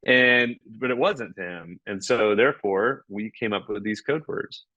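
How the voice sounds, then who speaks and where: Male podcast guest, low voice, animated explainer, dry muffled recording. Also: normal speed, dry recording. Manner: animated, acts out dialogue. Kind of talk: conversational explanation.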